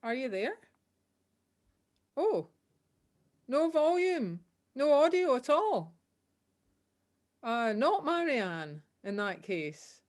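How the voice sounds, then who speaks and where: A woman hosting an online folk session over a video call, unhurried and filling pauses with ums. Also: high-pitched, big pitch swings, a little mellow.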